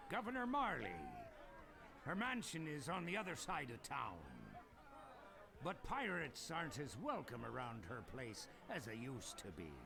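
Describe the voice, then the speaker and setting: A laid-back pirate loafer, drawls his lines slowly with a gravelly edge. His pitch leaps up and down as he mocks. Clear background noise sits under the game audio. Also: big pitch swings, full character voice. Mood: chatty. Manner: drawling, mocking. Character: laid-back male pirate barfly, teasing. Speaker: game character.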